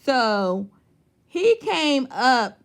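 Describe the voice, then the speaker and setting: A woman's voice: high voice, very animated, drawn-out words, clear, resonant tone. Woman recap host; blunt, cussing, exasperated. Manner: blunt, profane, exasperated ranting. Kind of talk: casual recap commentary.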